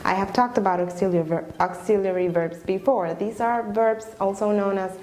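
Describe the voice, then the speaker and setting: A woman's voice: mid-range voice, brisk, a little mellow. A woman teaching an English lesson online, patient and explanatory, often checking in with "okay?" and restating her points.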